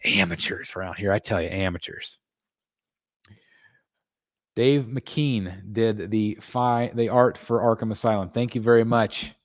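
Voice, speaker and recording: A man's voice: unhurried, long pauses, no room sound, clean studio sound. Chatty man hosting a live stream. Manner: chatty, reads viewer comments aloud and thanks members; excitable, jumps in pitch when greeting members. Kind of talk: casual live stream chat. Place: home room.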